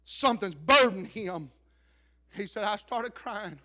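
A middle-aged man preaches a story-driven sermon from the pulpit. His voice sits very high and rings bright and forceful. He drops to hushed asides, then builds up to shouts. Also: expressive, a little slow. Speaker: pastor.

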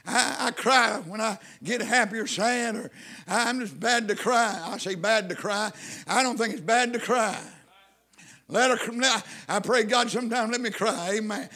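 A preacher man gives his testimony in a very high voice. His tone is bright and forceful, with a folksy, repeating cadence that swells into fervent shouts. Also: a little slow. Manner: fervent, rising to shouts and whoops. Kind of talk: testimony sermon.

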